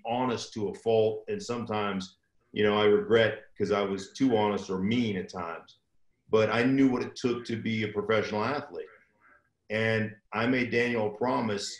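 An older man, a former pro football player, telling a rambling, self-deprecating story as a guest. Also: fairly low pitch. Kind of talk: casual storytelling. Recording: roomy echo.

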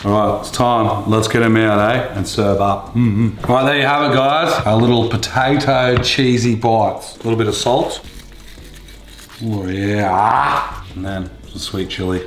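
A man's voice: on the low side, fairly even intonation, measured pace, roomy sound. An Australian man hosting a casual cooking show, joking crudely and swearing constantly as he cooks in a kitchen. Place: home kitchen.

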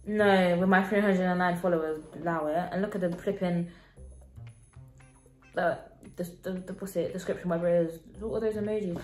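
A woman's voice: lowish voice, steady tone, brisk, darkish tone. A teenage girl, chatting in a casual reaction vlog, giggly and self-mocking. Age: teens. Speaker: vlogger. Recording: roomy echo, faint music.

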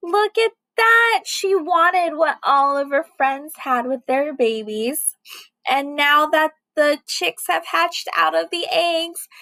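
A woman reading a children's story aloud in an animated way, gasping and asking her listeners questions. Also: high-pitched, dry recording, low-quality recording.

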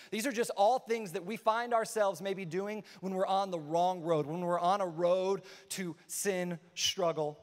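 A man preaching a sermon as pastor, energetic and casual, repeating phrases for emphasis. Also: high voice, big-room sound.

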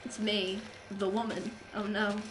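A woman's voice: mid-range voice, flat delivery, measured pace, faint music behind, poor audio. An Australian woman with a stuffed-up nose from a cold, chatting playfully with her viewers during a live gaming stream. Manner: chatty, playful, talks to chat while playing. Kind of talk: casual live-stream chat while gaming.

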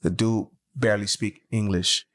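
A man co-hosting a faith podcast, mixing emphatic preaching with animated, slangy storytelling. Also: on the low side, moderate pace. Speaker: podcast co-host.

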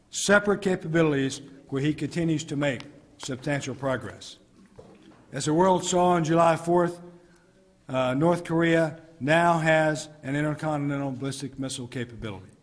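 Middle-aged man giving a formal speech in a hall. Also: on the high side. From United States. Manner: measured, emphatic delivery with deliberate pauses. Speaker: military commander giving a speech. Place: ambassador's residence reception hall. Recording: long hall reverb.

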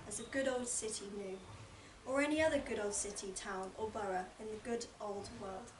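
A young woman in her late teens reading a classic story aloud with lively expression, from a distance in an echoey room. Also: a little high, moderate pace, noisy background. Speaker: student reader. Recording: echoey room, distant mic, noticeable ambience.

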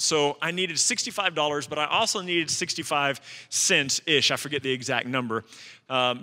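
Bright-voiced pastor in a reverberant church. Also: male voice, a little high. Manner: conversational, with asides to the congregation. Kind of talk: storytelling sermon. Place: church sanctuary.

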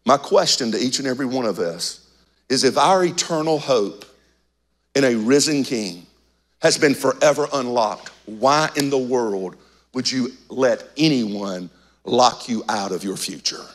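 A man preaching a sermon as pastor, slow and emphatic, with dramatic pauses and some lines dropped almost to a whisper. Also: medium pitch.

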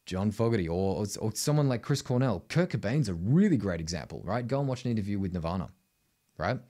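Brief: middle-aged Australian male vocal coach, lowish voice, punchy and blunt. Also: lively intonation, fast talker, mellow. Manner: emphatic, blunt, keeps adding "right?". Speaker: singing teacher. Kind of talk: vocal tutorial to camera.

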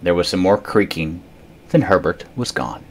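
A man narrating a bedtime picture book aloud. His voice sits on the low side, soft and hushed between the character voices. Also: expressive, moderate pace, a little hiss or hum. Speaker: storytime reader.

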